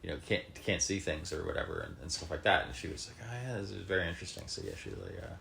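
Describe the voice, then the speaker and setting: Male co-host, very deep, gravelly, halting and casual. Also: very animated, a bit bright, a little hiss or hum. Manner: hesitant, filler-heavy. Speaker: podcast co-host. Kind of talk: casual chat.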